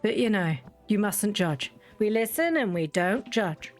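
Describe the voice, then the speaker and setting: A woman's voice: mid-range voice, expressive, measured pace, soft background music. A woman hosting a casual game video, chatty and teasing, scolding the characters she plays with. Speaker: gaming video host. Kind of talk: casual let's-play chat.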